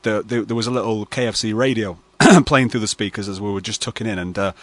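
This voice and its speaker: A man's voice: lowish voice, fairly even intonation, quick pace, dry recording. Rambling male radio host. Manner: rambling, mock-serious storytelling with fillers. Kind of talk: late-night radio banter.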